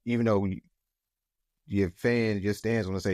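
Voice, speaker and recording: Heated low-voiced male podcast co-host. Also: moderate pace, a little mellow, dry recording, studio quality. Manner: heated, rising to emphatic outbursts; loose, repetitive phrasing with many fillers. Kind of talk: casual chat.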